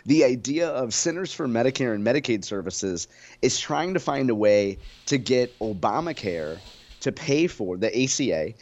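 A man's voice: mid-range voice, expressive, moderate pace, darkish tone, lo-fi sound. Wry joking middle-aged man. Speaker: radio co-host. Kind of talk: casual radio talk.

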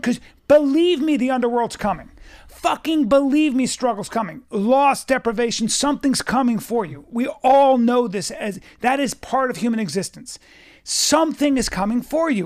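A man hosting a podcast, talking in a casual, emphatic and profane way, often repeating words. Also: extremely high pitch. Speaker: podcast host.

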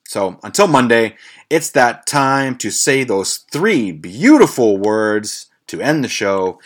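A man's voice: medium pitch, takes it slowly. A man hosting a podcast, telling a story in a casual, rambling way, with lots of swearing, fillers and restarts. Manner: animated, jokey. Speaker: podcast host.

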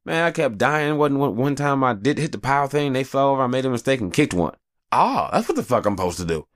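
A man in his thirties, a father telling a casual story in an animated, profane, slangy way. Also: mid-range voice, quick pace, no room sound, studio quality.

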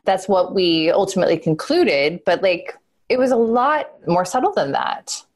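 A woman's voice: mid-range voice, expressive, normal speed. A woman talking casually and earnestly on a podcast about her own experience, full of "like" and filler. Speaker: guest, host's wife.

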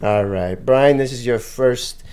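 A man's voice: mid-range voice, slow pace, darkish tone, clean tone. A man hosting a casual sports podcast, telling loose joking stories and running the segments. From Canada. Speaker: podcast host.

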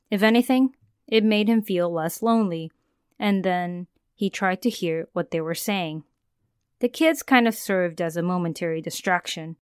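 Calm woman podcast storyteller, smooth voice. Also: medium pitch, dry recording, clean studio sound. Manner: calm storyteller who asks the listener questions. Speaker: podcast host. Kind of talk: scripted narration of a horror story.

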